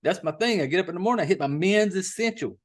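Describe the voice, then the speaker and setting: A man's voice: high voice, animated, quick pace. A man hosting a podcast, rambling casually and profanely, with drawled slang. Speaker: podcast host.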